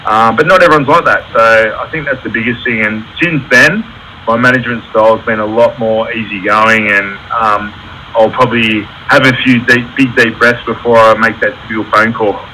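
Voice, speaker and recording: A man's voice: fairly low pitch, steady tone, moderate pace, bright, forceful tone, a little hiss or hum, rough recording. A man, an electrical contractor telling candid stories about running his business in a casual interview. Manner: candid, storytelling with reenacted quotes.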